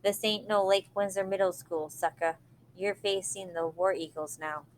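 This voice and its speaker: A woman's voice: mid-range voice, steady tone, moderate pace, a little hiss or hum, natural voice. A woman reading aloud, voicing a cocky, trash-talking teenage boy who is a soccer star, in a boastful, mocking way.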